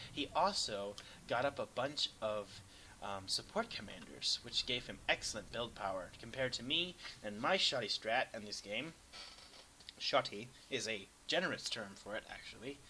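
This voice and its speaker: A young man casually commenting over a replay of a strategy game, rambling and self-deprecating, sometimes breaking into excited yelps. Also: medium pitch, a little hiss or hum, poor audio. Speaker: gameplay commentator.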